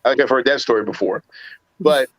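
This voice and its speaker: In a casual livestream about films, a man with a medium-pitched, fairly quick voice tells stories, restarting often and acting out quotes from scenes. He's a podcast panelist reviewing movies, and the low-quality recording has no echo.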